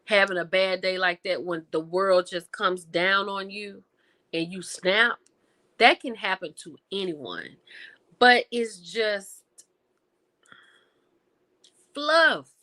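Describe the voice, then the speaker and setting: A woman hosting a livestream, chatting casually with her viewers and reacting with lively exclamations. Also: mid-range voice, takes it slowly. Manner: animated and expressive, with exclamations; talks to viewers directly, reading and answering chat. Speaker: livestream host reviewing TV and film.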